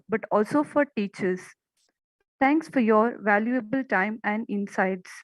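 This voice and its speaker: Woman professor, slightly high voice, formal vote of thanks, dry sound. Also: no room sound, low-quality recording. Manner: formal, recited listing of names.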